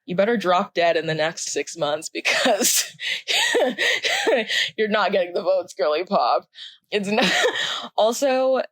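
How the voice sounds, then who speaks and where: Speaking slowly and pausing often, a young woman from the American South with a medium-pitched voice rants casually as a podcast co-host into a podcast mic. She's animated and sarcastic and swears freely.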